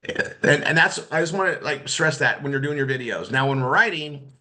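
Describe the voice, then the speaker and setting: A man with a bright, forceful voice coaching students in a loose, off-the-cuff training session. He talks in a rambling way, full of restarts and "you guys" asides. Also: a little high, expressive, moderate pace. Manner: rambling, many restarts and fillers. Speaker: marketing instructor. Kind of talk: casual training talk.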